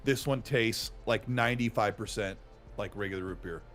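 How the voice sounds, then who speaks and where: A man's voice: lowish voice, moderate pace, fairly bright tone, soft background music. A man co-hosting a casual gaming podcast, joking in an easygoing way. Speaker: podcast co-host. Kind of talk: casual live-stream chat.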